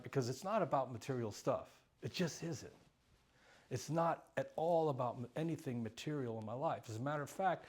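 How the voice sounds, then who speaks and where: A man's voice: mid-range voice, a little mellow. A middle-aged man telling his own recovery story in an earnest, emotional way, speaking in short bursts. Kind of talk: personal testimony talk.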